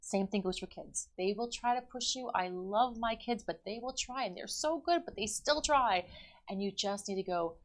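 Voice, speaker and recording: A woman and mother talking earnestly and emphatically about parenting, in quick runs of speech. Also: mid-range voice.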